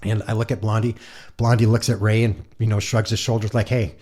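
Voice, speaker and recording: Man, lowish voice, middle-aged, from Montana, casual interview guest, rambling musician's road story, mimics others' lines. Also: little pitch movement, a little fast, darkish tone. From Montana, USA. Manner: chatty, acts out others' quotes with voices. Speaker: guest musician, guitar player.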